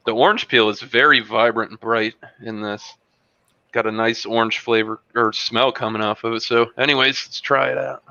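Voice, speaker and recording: A man hosting a casual online tasting show, describing a beer and a cheese in a relaxed, rambling way with plenty of fillers. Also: mid-range voice, normal speed, no echo, muffled recording. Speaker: host reviewing beer and cheese. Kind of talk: casual tasting review on a video call. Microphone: video call.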